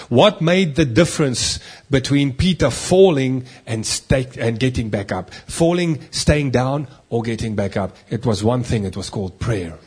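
Husky-voiced man preaching a sermon. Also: mid-range voice, measured pace, hardly any pauses. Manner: emphatic, swings between loud and hushed. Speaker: pastor.

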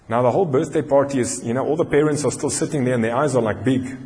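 A male pastor with a South African accent preaching a sermon, telling a story in an animated way and slowing down for emphasis. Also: medium pitch. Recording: long hall reverb.

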